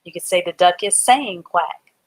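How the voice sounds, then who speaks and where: During a live online literacy lesson for adults, a woman with a fairly low voice speaks at normal speed. She patiently spells out words one letter at a time and gives sentences as examples.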